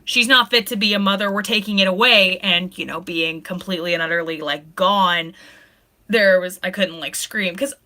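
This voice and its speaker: A woman's voice: on the low side, moderate pace, pushed and bright. A young woman, a pregnant streamer, chatting casually and rambling, often laughing, now and then tearful. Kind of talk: casual chat with live chat.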